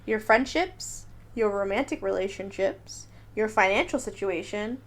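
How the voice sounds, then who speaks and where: A woman hosting a casual personality quiz, playful and quick to laugh, reading options off a list. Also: mid-range voice, animated. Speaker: host running a personality quiz. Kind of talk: casual chat.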